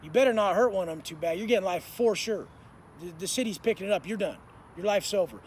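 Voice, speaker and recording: A man with a fairly high voice tells a story in a blunt, intense way, packed with swearing and street slang. He is recorded outdoors in a city, with faint traffic noise behind him. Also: animated, fast. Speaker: motivational speaker. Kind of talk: storytelling monologue.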